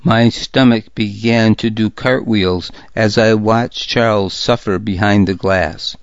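Slow, low-voiced male storyteller. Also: fairly even intonation, no room sound. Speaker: audiobook narrator. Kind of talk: first-person scripted narration. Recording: dull, slightly lo-fi dry recording.

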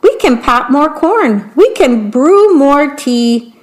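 A woman voicing a tiny, kind mouse in a storybook, squeaky and reassuring. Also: sing-song, takes it slowly, full character voice. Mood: soothing. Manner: squeaky, soothing.

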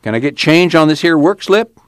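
A man's voice: on the high side, expressive, moderate pace, clear, resonant tone, no room sound, studio quality, voice pushed up, close to an everyday voice. A man voicing a blunt, impatient young man driving his family's truck, in rural dialect.

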